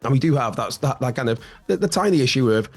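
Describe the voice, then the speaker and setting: A man with a slightly raspy voice hosting wrestling news in a casual, chatty way, full of fillers and restarts. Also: medium pitch, animated, quick pace, soft background music.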